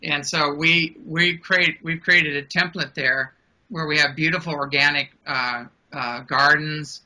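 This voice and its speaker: A man's voice: a little high, fairly even intonation, measured pace, pushed and bright, low-quality recording. A man interviewed as a guest, talking casually and animatedly with many fillers and frequent laughs. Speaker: guest, ranch founder.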